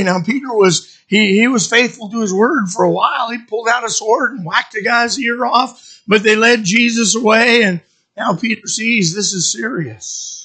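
A man preaching a sermon and telling stories dramatically, swinging from loud to hushed. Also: sits high. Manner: dramatic storytelling, sudden shifts from loud to hushed.

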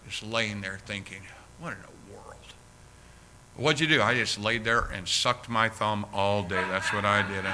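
A man's voice: medium pitch, pushed and bright, a little hiss or hum, low-quality recording. A man preaching a sermon in a folksy, earnest storytelling manner, ending in prayer. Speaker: pastor.

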